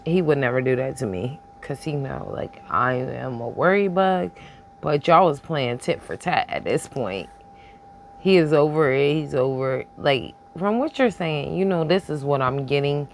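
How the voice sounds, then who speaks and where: A woman's voice: low voice, lively intonation, normal speed, a little hiss or hum. A woman hosting a reaction video, reacting in a blunt, colloquial, teasing way. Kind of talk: casual commentary.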